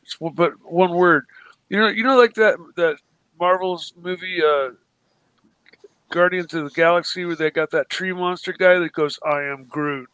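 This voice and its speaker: Tired guy on a livestream, rambling and cursing, kinda high voice, dry sound. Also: moderate pace, a bit bright, smooth, no echo, low-quality recording. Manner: rambling, swears freely, laughs between sentences. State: exhausted. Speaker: guest on a livestream. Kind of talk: casual chat.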